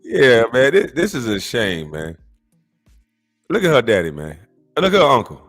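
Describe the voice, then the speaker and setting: A man's voice: medium pitch, huge pitch swings, normal speed, gravelly, a bit bright, soft background music. A man hosting a casual commentary show, reacting to clips in an indignant, mocking way.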